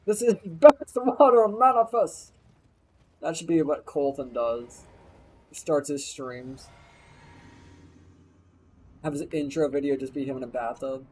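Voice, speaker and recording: A man's voice: mid-range voice, level tone, moderate pace, pauses often, a little mellow, slight background noise, low-quality recording. A man streaming a game, chatting casually in a crude, rambling way and swearing often. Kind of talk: casual gameplay banter.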